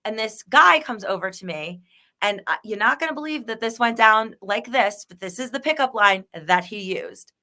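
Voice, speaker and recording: A middle-aged woman co-hosting a podcast, chatting candidly and telling animated, frank stories. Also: a little high, moderate pace. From Denver area. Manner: candid, animated storytelling with laughs. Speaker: podcast co-host. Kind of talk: casual chat.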